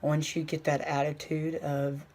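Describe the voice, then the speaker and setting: A young man talking casually in a vlog, rambling with fillers and slowing down to stress his points. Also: on the high side, completely flat delivery, darkish tone. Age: young adult. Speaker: vlogger. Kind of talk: casual motivational vlog talk.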